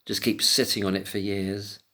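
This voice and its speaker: A man in an angry solo rant, agitated and sweary, stumbling over restarted words in rapid outbursts. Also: on the low side, flat delivery, fairly bright tone. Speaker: commentator.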